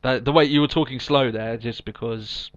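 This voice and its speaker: A man co-hosting a casual podcast, recapping in a chatty way full of ums and restarts. His voice sits at a middle pitch. The audio is dull and lo-fi. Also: steady tone, moderate pace. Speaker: podcast co-host. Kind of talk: casual chat.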